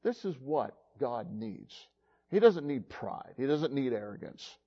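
A man preaching a sermon, retelling a story slowly and haltingly with many pauses and fillers. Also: medium pitch, sing-song, breathy edge, highs cut off.

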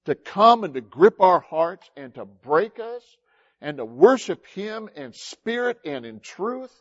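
A man preaches from the pulpit with a fairly high voice that leaps up and down in pitch, punching some words loud and dropping others to a near mutter. The recording sounds muffled and lo-fi, like an old church tape. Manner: animated preaching, swinging between loud emphasis and quiet asides. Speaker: pastor. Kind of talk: sermon.

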